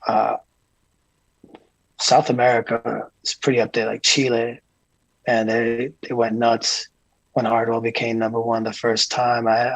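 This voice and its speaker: A man being interviewed as a guest, a tour manager telling calm, earnest stories with frequent restarts. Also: mid-range voice, creaky, dry recording, rough recording. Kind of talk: casual interview chat.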